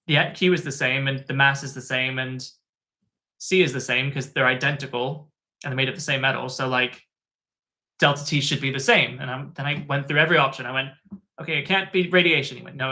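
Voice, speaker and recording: A man who works as a tutor, telling an anecdote in a chatty, animated way with plenty of fillers. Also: mid-range voice, a little fast. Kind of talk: casual spoken anecdote.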